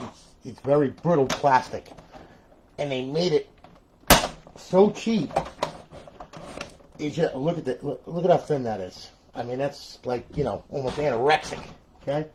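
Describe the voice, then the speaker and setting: A man's voice: medium pitch, normal speed, pauses often, background noise. A man live-streaming a console repair, ranting in frustration, repeating himself and talking straight to his viewers.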